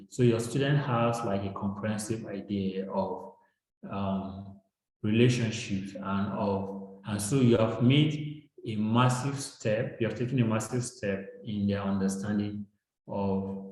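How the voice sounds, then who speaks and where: A man's voice: fairly low pitch, a little mellow. Nigerian man explaining in an echoey room. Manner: explains with examples, frequent tag "right?". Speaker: education guest. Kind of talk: explanatory discussion.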